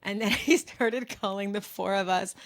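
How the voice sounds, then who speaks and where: A woman co-hosting a podcast, animated as she tells a story and acts out the people in it. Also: medium pitch, normal speed. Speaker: podcast co-host. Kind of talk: casual chat.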